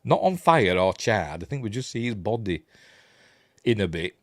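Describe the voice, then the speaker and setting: A middle-aged Yorkshire man with a fairly low voice, chatting his way through a film with plenty of ums and dry asides. The sound is close and dry, with no room to it. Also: very animated, normal speed, no room sound. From Yorkshire, England. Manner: rambling and chatty, lots of ums, dry wry jokes. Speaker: film review host. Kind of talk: casual film commentary over footage.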